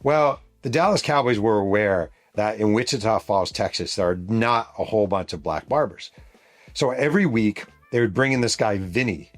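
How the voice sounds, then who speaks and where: A middle-aged man from New York State hosts his podcast with a fairly low voice. He tells the story in a loose, casual way, swears freely and adds quick spoken sound effects. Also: faint music behind. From New York State, USA. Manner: casual, profane, vivid retelling with sound effects. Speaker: podcast host and author.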